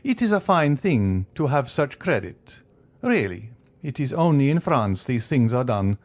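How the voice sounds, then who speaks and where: A man voicing a wealthy, coolly ironic middle-aged count who talks in a teasing, measured way. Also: medium pitch, very animated, pitched above the performer's own voice. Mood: amused. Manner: teasing, measured, faintly mocking.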